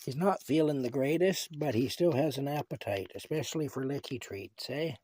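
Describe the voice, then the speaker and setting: A man's voice: mid-range voice, moderate pace, dark tone, slightly rough, dry recording. A man chats affectionately to his cat at home, adding wry jokes about himself, recorded on a phone. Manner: chatty and affectionate, with wry self-deprecating jokes. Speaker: vlogger. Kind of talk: casual talk to his pet. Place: at home by a table.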